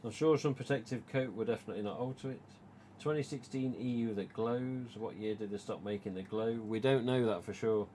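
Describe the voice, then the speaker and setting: A man's voice: fairly low pitch, brisk, few pauses, dark tone, a little hiss or hum. Chatty English Midlands man livestreaming. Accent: English East Midlands. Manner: chatty, rambling, retells dialogue. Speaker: live stream host, mask collector. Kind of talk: casual live stream chat.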